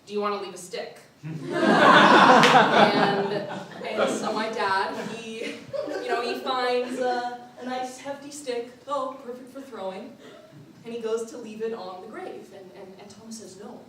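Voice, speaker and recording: A young woman performing a playful, animated storytelling monologue on stage, laughing often. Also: on the high side, slow, noisy background. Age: young adult. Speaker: student performer. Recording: echoey hall from far off.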